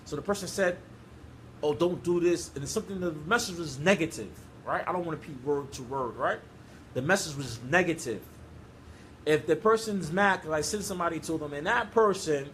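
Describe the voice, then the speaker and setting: A man's voice: high-pitched, fairly bright tone, a little hiss or hum, rough recording. A man giving an informal religious lecture, talking in an emphatic, repetitive, conversational way. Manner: repetitive, emphatic, conversational street-style English. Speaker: Islamic preacher.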